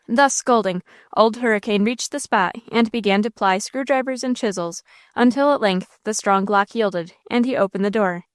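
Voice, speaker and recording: A woman narrating a classic novel aloud in a measured, expressive way on a close mic. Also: mid-range voice, no room sound. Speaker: audiobook narrator. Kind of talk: scripted audiobook narration.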